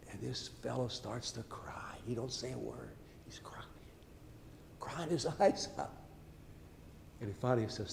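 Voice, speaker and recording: A man's voice: mid-range voice, measured pace, vocal fry, pauses often, a little mellow, a little hiss or hum. An older man, a priest, telling a long personal story during a sermon in a folksy, chatty way, with asides to the congregation. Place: church. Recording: church hall reverb with faint ambience.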